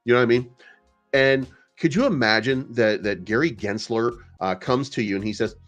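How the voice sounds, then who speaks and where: A man's voice: mid-range voice, moderate pace, a bit bright, soft background music. A man hosting a crypto channel, talking in a casual, profane, stammering rant. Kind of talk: casual ranting commentary.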